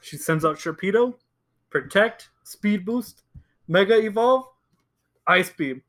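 A young man with a notably high speaking voice tells a story on a casual podcast. He laughs often and acts out what people said. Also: animated, takes it slowly, fairly bright tone. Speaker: podcast co-host. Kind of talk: casual chat.

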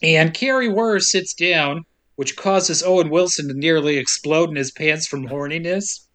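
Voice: mid-range voice, measured pace, a bit bright. A podcast co-host recapping a movie in casual chat, wry and sarcastic, laughing often.

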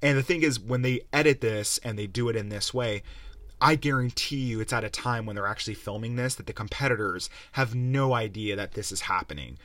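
A man's voice: mid-range voice, brisk, a bit bright, dry recording. A young man hosting a podcast, rambling and sarcastic as he swears his way through a casual review. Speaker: podcast host. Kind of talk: casual rant-style review.

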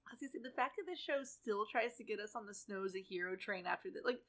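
A woman's voice: medium pitch, quick pace, a bit bright. A woman co-hosting a podcast in casual chat, emphatic and profane, jumping in on her co-host. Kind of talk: casual chat recapping a TV episode.

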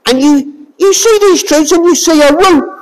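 A woman preaching a sermon, expressive and full of rhetorical questions to her listeners. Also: very high-pitched, normal speed, long reverb tail, poor audio.

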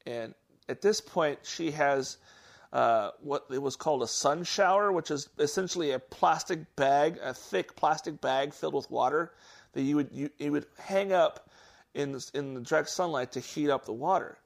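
A man casually telling a childhood story on a podcast, halting and restarting often. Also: fairly high pitch, gravelly. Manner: halting, with many restarts and fillers; gets animated at the story's peak. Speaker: podcast host.

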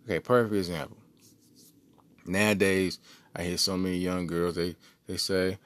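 A man's voice: level tone, moderate pace, pauses often, a bit bright, no echo. A man in his forties, a podcast co-host, telling a story in a laid-back, slangy way. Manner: laid-back, slangy, puts on high voices for quoted people. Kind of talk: casual storytelling.

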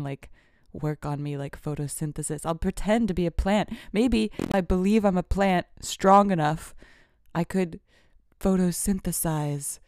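A woman talking alone into a podcast mic in a small room, her voice low and gravelly with a dry, close sound. She rambles and giggles, often sinking into a whisper. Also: no echo. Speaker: podcast host. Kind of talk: casual solo podcast monologue. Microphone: podcast microphone.

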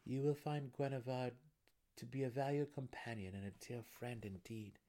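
A man voicing a young male dark elf prisoner who speaks calmly and quietly. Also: medium pitch, normal speed, close to an everyday voice. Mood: resigned. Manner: calm, quiet.

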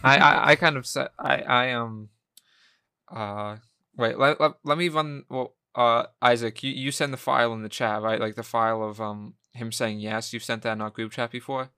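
A man's voice: medium pitch, fairly even intonation, moderate pace, bright, forceful tone, clear, resonant tone, no echo, studio quality. A man co-hosting a film podcast, joking and stumbling through restarts in casual chat. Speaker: podcast co-host.

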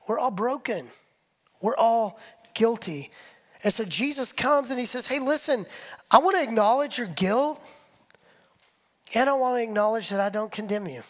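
A man preaching a conversational sermon, leading the congregation and acting out imagined voices as his intensity rises. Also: sits high. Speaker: pastor.

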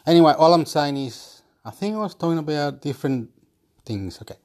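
Speaking into his phone at home, a male vlogger rambles through a casual story, restarting sentences, saying things twice, and breaking into swearing and laughter between phrases. His voice sits on the high side, with a darkish tone, lively intonation, and a brisk pace.

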